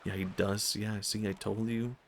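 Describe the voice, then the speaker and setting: A man's voice: on the low side, level tone, normal speed, slight background noise. A young Swedish man with a Swedish accent, chatting casually and laughing often while streaming a game. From Sweden. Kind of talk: casual gaming stream chat. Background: faint game music.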